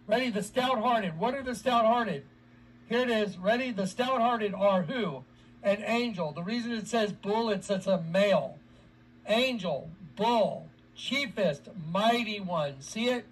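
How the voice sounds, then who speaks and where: High-voiced agitated man preaching. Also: measured pace, far from the mic, slight background noise, low-quality recording. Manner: agitated, repeats "ready?" and drags out quoted words. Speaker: online preacher. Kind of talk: heated scripture commentary.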